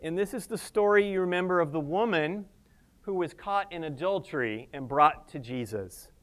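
A man delivers a sermon in a high, smooth voice. He swings from loud, emphatic declarations to soft, hushed passages. Now and then he breaks into relaxed, self-deprecating asides. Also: moderate pace. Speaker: preacher.

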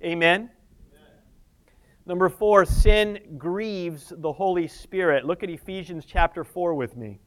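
High-voiced man preaching a fervent sermon. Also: unhurried, a bit bright. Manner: fervent, with Hallelujahs and Amens, laughs at himself. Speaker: pastor.

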